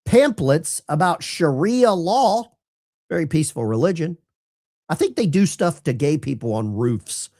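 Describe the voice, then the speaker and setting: A man's voice: fairly high pitch, very animated, a little slow, darkish tone. A man hosting a live stream of political commentary, talking to his chat viewers in a sarcastic, rambling way with many restarts. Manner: addresses chat viewers directly. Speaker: political commentary livestream host.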